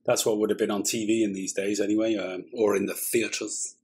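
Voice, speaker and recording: Husky chatty man. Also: lowish voice, flat delivery, fairly quick, darkish tone. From Britain. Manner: chatty, jokey, rambling asides. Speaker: film reaction co-host. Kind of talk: casual chat.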